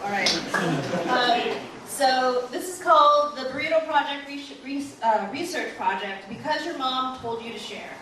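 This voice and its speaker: A woman's voice: high voice, unhurried, a bit bright. A woman stand-up comedian reading a personal story from her phone, in an informal way with small stumbles. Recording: echoey room, distant mic, faint noise.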